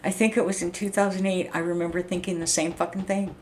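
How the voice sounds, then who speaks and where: A woman's voice: on the low side, flat delivery, fast, slight background noise. A middle-aged woman livestreaming a casual, rambling rant, blunt and full of swearing. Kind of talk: casual venting monologue.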